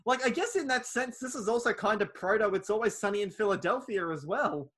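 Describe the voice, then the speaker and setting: Guy, high and bright voice, sweary casual film-recap podcast host. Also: animated, a little fast. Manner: swears freely, acts out quoted lines.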